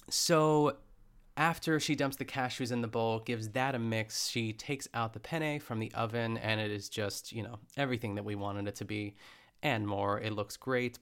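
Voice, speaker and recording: This young man's voice is medium in pitch, creaky and a bit bright. Chatting casually, he recaps a cooking show in a rambling way, frequently correcting himself amid plenty of fillers.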